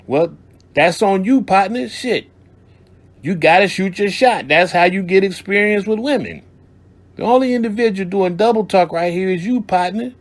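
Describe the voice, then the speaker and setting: A man's voice: high voice, normal speed. A man hosting a radio show, giving listeners blunt, profane, streetwise dating advice in a casual monologue.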